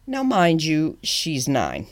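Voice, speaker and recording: A woman's voice: low-pitched, huge pitch swings, slow pace. A woman co-hosting a casual podcast, playful and opinionated, laughing often as she reads out a news story. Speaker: podcast co-host.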